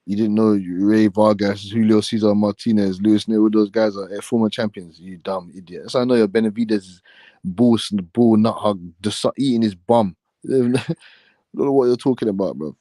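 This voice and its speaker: A man's voice: fairly low pitch, steady tone, moderate pace, warm tone, no echo, clean studio sound. A man in a heated casual debate, mocking and talking over the other speaker.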